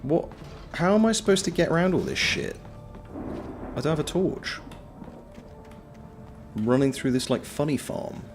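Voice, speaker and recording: A man giving casual, sweary live commentary on a game, yelling at enemies and chatting with viewers. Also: a little high, very animated, normal speed, pauses often, soft background music. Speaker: game streamer.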